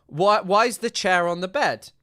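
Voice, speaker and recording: Casting: young man from Southwest England, streamer, rambling and jokey, with a clear, smooth voice, dry close sound. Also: high-pitched, moderate pace, sharp tone, dry recording. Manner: joking, rambling. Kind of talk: casual stream commentary.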